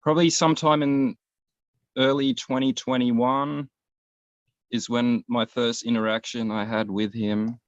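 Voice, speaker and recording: A man's voice: medium pitch, level tone, a little slow, no room sound. A man, co-hosting a casual show and telling a long, rambling, profane story. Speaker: podcast co-host. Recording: dull, lo-fi, dry sound.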